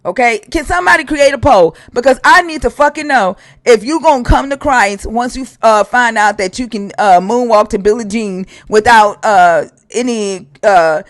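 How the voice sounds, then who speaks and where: A man with a high, insistent voice cross-examines a caller on his live stream. He curses constantly and hammers the same question over and over. The sound is dry and close to the mic. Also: normal speed, hardly any pauses, a bit bright, no room sound. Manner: profane, interrogating, repeats questions insistently. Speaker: stream host. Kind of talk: heated debate on a live stream.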